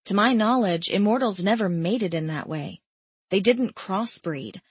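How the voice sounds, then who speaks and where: A woman narrating a novel in the first person with an intimate, measured delivery. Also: mid-range voice, lively intonation, husky, dry recording. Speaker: audiobook narrator. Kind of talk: scripted narration.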